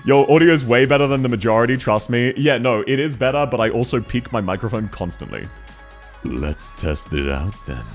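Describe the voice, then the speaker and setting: A man chatting casually on a livestream, excitable and quick to laugh, talking fast and loud when worked up. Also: medium pitch, soft background music. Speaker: streamer.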